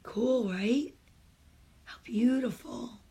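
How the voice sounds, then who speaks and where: Gushing high-voiced woman reading aloud. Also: drawn-out words, gravelly, husky. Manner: gushing and emotional, with gasps and excited asides. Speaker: reading picture books to children online. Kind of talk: read-aloud storytime with casual chat.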